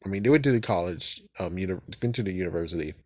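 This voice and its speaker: A man's voice: deep voice, lively intonation, rapid-fire, a little mellow, no echo, studio quality. A young man recapping a movie in a loose, rambling way, swearing freely and restarting his sentences. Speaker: movie reviewer.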